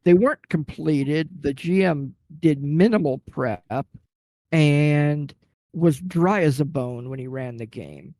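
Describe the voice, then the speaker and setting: Casting: man, rambling and animated, relaxed podcast storyteller, slightly high voice, dry close sound. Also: slow, no room sound. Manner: rambling, animated anecdote with acted-out quotes. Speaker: podcast guest telling a gaming story. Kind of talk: casual storytelling chat.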